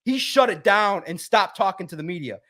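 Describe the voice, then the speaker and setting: A high-energy man, a sports writer guest, telling a lively story and acting out the voices in it. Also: a little fast. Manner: high-energy, acts out quotes loudly. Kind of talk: animated storytelling.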